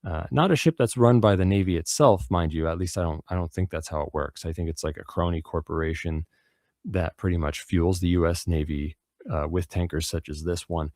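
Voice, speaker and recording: A man's voice: deep voice, brisk, darkish tone, no echo, clean studio sound. A man hosting a radio show, giving loose, profane news commentary full of fillers and restarts.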